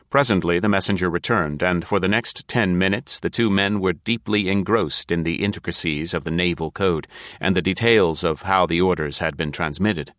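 A man reads an old detective tale aloud in a measured, even way. His voice is very deep, and the sound is close and dry with no room around it. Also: no echo. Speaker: narrator. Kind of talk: audiobook narration.

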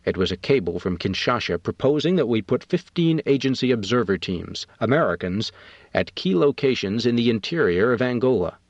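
A man narrating an audiobook in a measured, matter-of-fact way. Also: mid-range voice, lively intonation, dry recording. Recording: dull, dry recording.

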